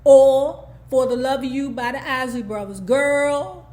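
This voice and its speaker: An animated woman gives a casual TV recap in a sassy voice. She speaks in a fairly high voice, tossing in "okay?" asides and acting out the characters' lines. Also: a little slow. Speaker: YouTube TV recap host.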